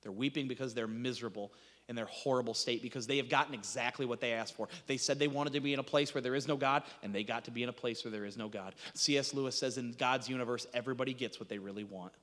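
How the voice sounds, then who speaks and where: A man preaching a sermon, dramatic, acting out quoted voices and dropping to a hushed intensity. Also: medium pitch, steady tone, quick pace, long reverb tail.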